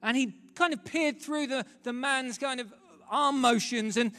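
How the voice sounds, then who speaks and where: A pastor, preaching a sermon in a dramatic storytelling way, swinging from loud to hushed. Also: male voice, very high-pitched, unhurried, few pauses. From London, England. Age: 30s. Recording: reverberant hall, faint music.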